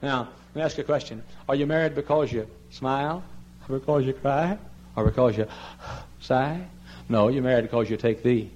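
A man preaching a sermon as pastor, pleading loudly and then dropping low and quiet. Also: moderate pace, muffled recording. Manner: impassioned preaching, swinging from loud high pleading to low quiet tones.

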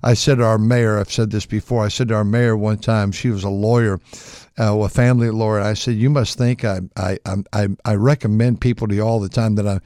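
An older man, a pastor, preaching a folksy sermon with frequent restarts, acting out quoted voices in a higher pitch. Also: level tone, fairly quick, darkish tone, dry recording, studio quality.

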